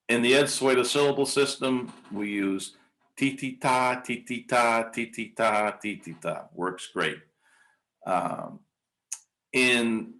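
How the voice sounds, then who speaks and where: A man's voice: lowish voice, fairly bright tone. A male music teacher leading a workshop, chanting rhythm syllables and counting beats aloud, with frequent ums and uhs. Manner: hesitant, many ums and uhs. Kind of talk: conference workshop demonstration.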